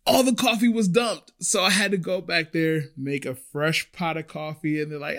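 A man's voice: on the high side, moderate pace, hardly any pauses. A young man hosting a podcast, telling a personal service-industry story and acting out the people in it. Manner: animated, acts out quoted voices. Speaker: podcast host.

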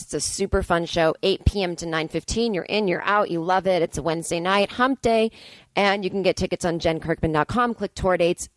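A middle-aged woman comedian talking alone into a podcast mic, cranky and profane as she rambles. Her voice sits at an ordinary pitch for a woman. The sound is dry and close, with almost no room echo. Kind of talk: casual solo podcast monologue. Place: indoors.

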